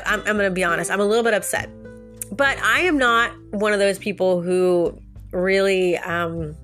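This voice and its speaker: A woman casually telling her viewers a story, her voice jumping up in pitch and breaking into laughs as she relives the outrage. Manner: animated, jumps high in pitch when retelling her outrage, laughs often. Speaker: vlogger.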